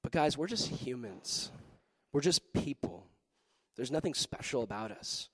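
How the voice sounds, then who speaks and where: A young man preaching to a youth group, telling a story with lively acted-out voices and frequent laughter. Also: medium pitch, unhurried, husky, no echo. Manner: animated, acts out voices in his story, laughs often. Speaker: pastor.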